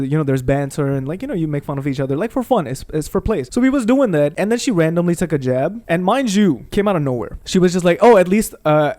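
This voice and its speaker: A man's voice: fairly high pitch, a little mellow. A young man telling a heated story over gameplay, swearing freely as he vents to his audience. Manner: profane, heated venting. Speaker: gaming channel host.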